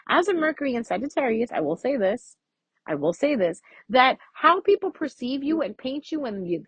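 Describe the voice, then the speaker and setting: A woman's voice: a little high, breathy edge, no room sound, rough recording. A woman giving a casual, frank astrology reading as a vlogger, chatty and freely swearing.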